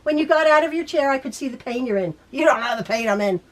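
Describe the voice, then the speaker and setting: A woman's voice: sits high, expressive, quick pace. A middle-aged woman in back pain, chatting casually to her quilting viewers in a rambling way with many restarts. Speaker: quilting YouTuber. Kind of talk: casual chat to camera. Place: home sewing room.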